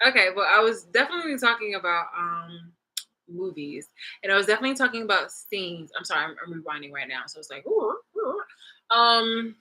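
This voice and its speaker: A woman's voice: mid-range voice, lively intonation, a little fast, bright, forceful tone, a little hiss or hum, rough recording. A woman vlogger in a casual, rambling, profane monologue, retelling a movie clip with bursts of laughter.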